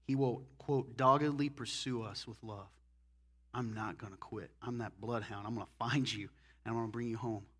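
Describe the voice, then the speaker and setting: A man preaching a sermon as pastor, animated, moving between loud emphatic lines and hushed, intense ones. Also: mid-range voice, normal speed, breathy edge.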